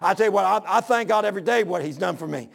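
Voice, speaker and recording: A man preaching a fervent, folksy sermon that builds to shouting. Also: high voice, very fast, gravelly.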